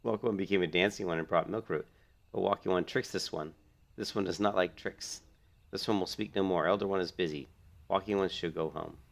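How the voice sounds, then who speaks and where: A man reading aloud the lines of a wary little forest sprite in a video game, in halting third-person speech, in his own low voice. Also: gravelly. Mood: cold.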